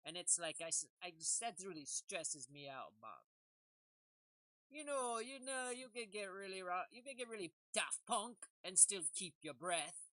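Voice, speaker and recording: A woman's voice: mid-range voice, very animated, normal speed, bright, forceful tone, no room sound, poor audio. A woman giving a rambling comedic monologue, jokey and laughing often. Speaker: comedic commentator.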